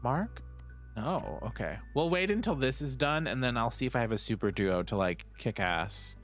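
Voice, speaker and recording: Animated man chatting through a game stream. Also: medium pitch, normal speed. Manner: chatty and self-mocking, swears freely. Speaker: live streamer. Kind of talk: casual gameplay commentary, chatting with viewers. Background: faint game music.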